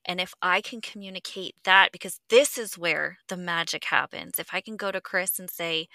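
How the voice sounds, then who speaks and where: A woman's voice: fairly low pitch, moderate pace, vocal fry, hardly any pauses, sharp tone, dry recording. A woman hosting a podcast, talking earnestly and reflectively, swearing freely and sometimes dropping to a near whisper. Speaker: podcast host. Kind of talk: candid conversational chat.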